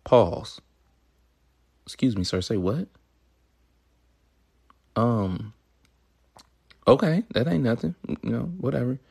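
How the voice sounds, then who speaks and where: A man's voice: medium pitch, very animated, takes it slowly, gravelly, pauses often, warm tone, breathy edge. A young man hosting a podcast, talking in a rambling, swaggering, profane monologue, with crude jokes and mock-lecture asides. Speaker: podcast host.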